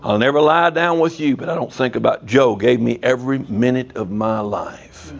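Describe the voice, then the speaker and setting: A man preacher voicing a young soldier home from war who speaks quietly and solemnly of the man who died for him. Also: mid-range voice, normal speed, vocal fry, dull audio, pitched below the performer's own voice, close to an everyday voice.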